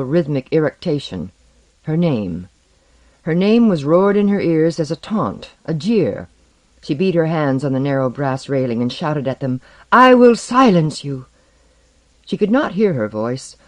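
An audiobook narrator giving a measured, dramatic reading of scripted narration. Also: medium pitch, warm tone, no room sound.

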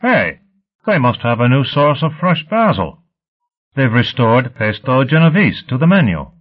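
A man's voice: medium pitch, big pitch swings, unhurried, slightly rough, pitched above the performer's own voice. Man doing a gloating, brash pleasure-seeker. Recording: tinny phone-like sound.

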